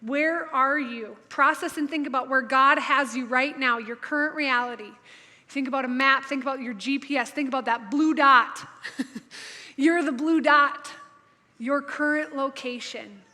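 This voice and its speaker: Upbeat woman pastor, high bright voice, church sermon in a reverberant hall. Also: normal speed. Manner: upbeat, chatty, reads scripture with lively emphasis. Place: church sanctuary.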